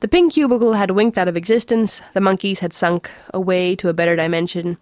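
A woman reads a novel aloud at a steady, unhurried pace, now and then tripping over a word. Her voice sits in a middle register and is recorded close and dry. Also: mid-range voice, dry recording. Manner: steady, unhurried storytelling with occasional slips. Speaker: reader.

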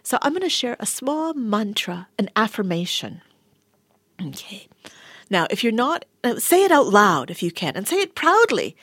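A woman giving a motivational talk and guiding affirmations in a studio, animated, laughing often and dropping into soft whispers. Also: fairly high pitch, normal speed, slightly rough, no echo. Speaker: wellness speaker. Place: studio with a sound engineer.

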